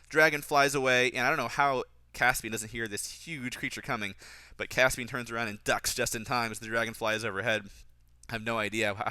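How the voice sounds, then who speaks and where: A man's voice: bright, forceful tone, smooth, dry recording. A man giving casual film commentary, critical of the script and mocking its lines. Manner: critical, mocks dialogue in a higher voice.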